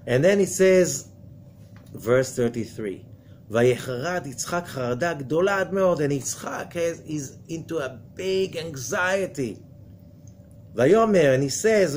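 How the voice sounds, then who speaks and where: Man, rabbi's study lesson, slightly high voice, faint noise behind, keeps asking "okay?". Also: expressive, normal speed, a little mellow. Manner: dramatic retelling with rhetorical questions, frequent "okay?". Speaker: rabbi teaching a weekly study class. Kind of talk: animated scripture lesson.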